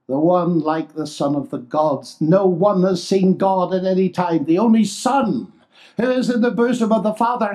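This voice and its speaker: An older man preaching a sermon, expressive and exclamatory, swinging between loud declarations and hushed asides. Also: high-pitched.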